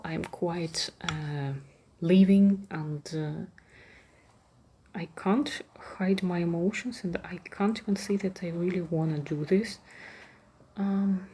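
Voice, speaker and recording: Soft-voiced woman with a Russian accent. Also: lowish voice, a little hiss or hum. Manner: soft-spoken, drifting into whispers, emotional, many restarts. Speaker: ASMR creator. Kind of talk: soft-spoken ASMR chat.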